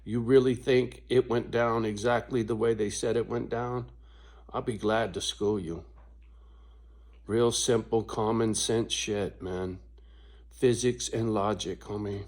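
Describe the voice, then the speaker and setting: A man ranting in a casual vlog monologue, swearing constantly and laughing between his points, with sudden high-pitched outbursts. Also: steady tone, darkish tone. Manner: slow, drawn-out delivery with big pitch swings. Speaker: vlogger.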